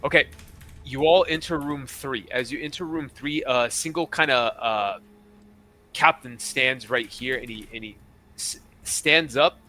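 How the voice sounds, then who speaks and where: A man's voice: mid-range voice, measured pace, bright, forceful tone, a little hiss or hum. A man narrating a tabletop game as game master in a casual way.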